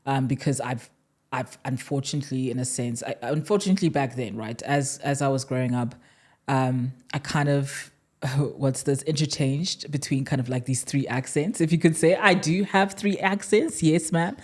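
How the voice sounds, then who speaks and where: A woman's voice: extremely low pitch, normal speed, a little mellow. A South African woman whose accent has a slight American tinge, chatting as a podcast guest, with frequent laughs, fillers and restarts. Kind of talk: casual podcast chat.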